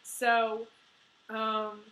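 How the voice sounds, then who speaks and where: Woman tarot reader, teary and emotional, bright and a bit high voice. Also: monotone, very slow, echoey room, rough recording. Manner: emotional, teary, many fillers. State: crying. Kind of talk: tarot reading video.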